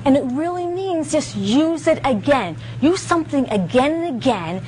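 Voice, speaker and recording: Woman teaching little kids, swoopy sing-song voice, kinda high, lots of room noise behind. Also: very animated, normal speed, dark tone. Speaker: visiting presenter teaching children. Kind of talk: interactive lesson for young children. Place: school room with children.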